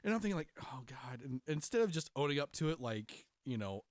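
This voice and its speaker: A man co-hosting a podcast in casual chat, telling stories in an animated way and laughing often. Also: fairly high pitch, fast, no echo, studio quality. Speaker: podcast co-host.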